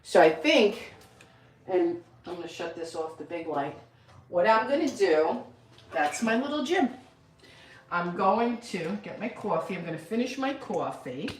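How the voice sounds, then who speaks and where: A woman's voice: fairly low pitch, expressive, measured pace, slight background noise. An older woman chatting casually on a live stream, counting out exercise reps and rambling about her day. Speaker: lifestyle channel host. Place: home room with a mirror. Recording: echoey room, voice from a distance.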